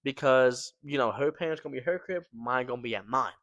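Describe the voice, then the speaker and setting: A man's voice: medium pitch, quick pace, fairly bright tone, no echo, highs cut off. A young man casually telling a personal story to his viewers, slangy and loose, tossing in "man" and "right?" as he goes. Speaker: storytelling vlogger.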